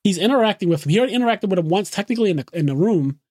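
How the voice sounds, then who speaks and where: A man hosting a podcast, excitedly recapping an anime episode in casual, profane, run-on talk. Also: sits high, breathy edge, no echo, clean studio sound. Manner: excited, swears freely, rapid run-on retelling. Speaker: podcast host.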